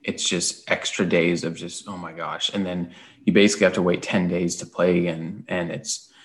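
This man co-hosts a casual sports podcast and sounds tired after an early morning. His low voice stays level at a normal speed as he chats and rambles, with frequent "um"s and restarts.

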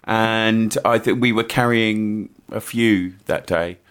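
A man's voice: fairly low pitch, fairly even intonation, takes it slowly, a bit bright, clean tone. A man co-hosting a casual football chat, often hesitant and restarting his sentences. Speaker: football podcast co-host.

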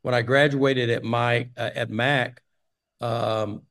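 A man's voice: mid-range voice, steady tone, slow pace, vocal fry, fairly bright tone. An older man from Texas, a guest in an interview, telling long stories with many fillers. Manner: rambling storyteller with many fillers. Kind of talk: casual storytelling interview.

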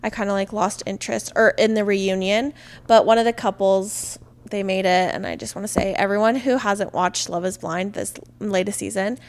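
A woman's voice: mid-range voice, steady tone, normal speed. A woman in her twenties co-hosting a podcast, chatting in a bubbly, enthusiastic way with plenty of slang. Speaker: podcast co-host. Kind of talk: casual chat.

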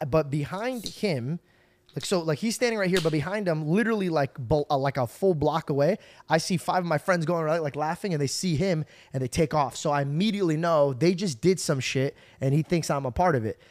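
Male podcast host, casual storyteller who acts out quotes; slightly high, dry close sound. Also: brisk, no room sound. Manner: animated, acts out quoted voices, swears freely.

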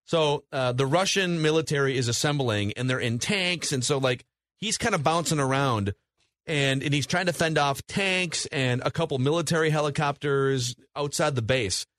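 A man co-hosting a podcast, retelling film scenes in an animated, casual way with lots of fillers. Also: fairly high pitch, normal speed. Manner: animated storyteller, recounting scenes with hedging fillers. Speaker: podcast co-host. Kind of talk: casual movie review chat.

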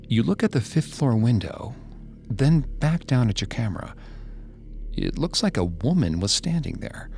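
A man narrating a second-person horror story in a slow, hushed way. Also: mid-range voice, very animated, faint music behind.

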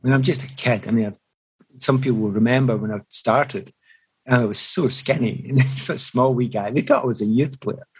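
In this interview, a former footballer in middle age shares reflective stories in a brisk, slightly rough mid-range voice. The recording is low quality, and his animated anecdotes keep restarting.

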